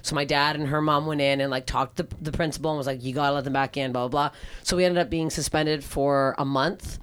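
A young woman from Canada chatting as a guest, telling stories in a lively, profane way and acting out quoted lines. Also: low voice, fast talker, smooth. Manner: animated, profane, acts out quotes. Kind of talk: casual storytelling chat.

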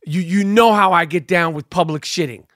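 High-voiced swearing New storyteller man. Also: normal speed, dry recording, clean studio sound. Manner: animated, swearing, acts out quoted voices. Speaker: podcast host. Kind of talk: profane comic storytelling monologue.

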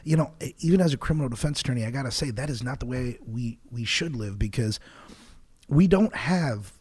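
A man's voice: medium pitch, animated, brisk, a little mellow, slightly rough. A man who works as a criminal defense attorney, answering interview questions in an earnest, emphatic way.

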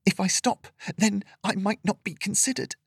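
A man voicing a frightened, devout young village woman with a thin, raspy voice, pleading in a panic. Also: sits high, moderate pace, no echo, studio quality, voice pushed up, full character voice. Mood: panicked pleading. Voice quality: thin rasp.

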